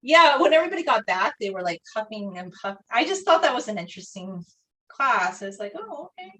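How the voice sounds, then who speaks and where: A woman's voice: mid-range voice, lively intonation, a little fast, pushed and bright. Rambling woman chatting on a video call. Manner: rambling storyteller, fillers like 'like'. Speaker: guest painter on a live stream. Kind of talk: casual chat while painting. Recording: voice a bit far from the mic.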